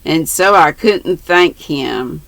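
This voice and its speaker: An older woman reading aloud puts on a grave little boy, shy but blunt, telling things in earnest. The voice stays gravelly and bright, and the words come slowly. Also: low-pitched, animated, no echo, heavily acted.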